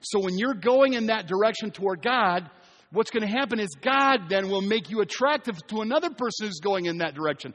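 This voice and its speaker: A middle-aged male pastor with a high voice preaches in an easy, storytelling way. His voice carries a long reverb from the church hall around him. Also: a little fast. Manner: storytelling, animated and conversational. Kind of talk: sermon.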